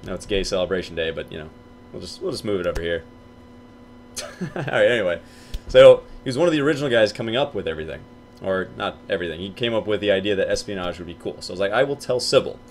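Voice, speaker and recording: A young man telling a story casually to his viewers, acting out what his friends said in hushed and loud voices. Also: deep voice, animated, quick pace, slight background noise.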